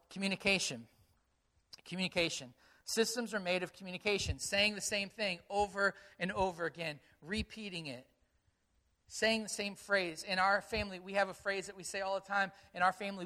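A male pastor delivers a sermon in a high, bright, forward voice. He sounds earnest and conversational, drawing on stories from his own family. He drives his points home by repeating key phrases.

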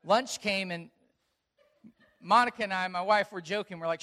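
A pastor with a notably high voice delivers a sermon, telling a family story with animated quoted dialogue before moving into scripture. He is a man who speaks in an engaging storytelling way. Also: normal speed.

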